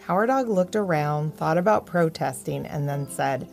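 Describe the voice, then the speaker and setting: A woman narrating a children's story in a gentle, expressive way. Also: deep voice, normal speed, gravelly, few pauses, soft background music.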